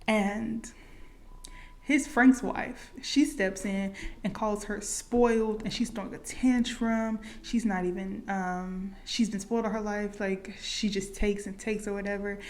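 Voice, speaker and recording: A woman's voice: mid-range voice, steady tone, measured pace. Casting note: woman vlogger, chatty recap, loose filler-heavy delivery. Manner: chatty, many likes and fillers. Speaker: movie reaction vlogger. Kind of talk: casual movie recap.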